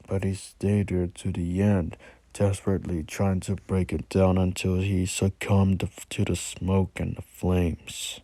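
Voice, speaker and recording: A man reading a first-person horror story aloud in a slow, halting way. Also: low voice, mellow, no room sound.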